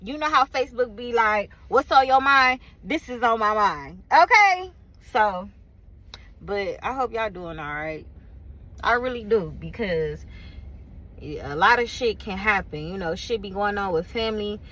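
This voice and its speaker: Weary woman ranting, bright tense voice. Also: medium pitch, expressive, a little slow, slight background noise, rough recording. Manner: weary, frustrated, swears freely, rambling with many fillers. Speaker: vlogger and small business owner. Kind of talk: casual venting rant to camera.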